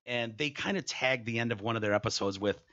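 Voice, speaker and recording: A man hosting a podcast in casual, opinionated chat, animated and quick to act out bits, in slightly muffled audio. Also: mid-range voice. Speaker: podcast host.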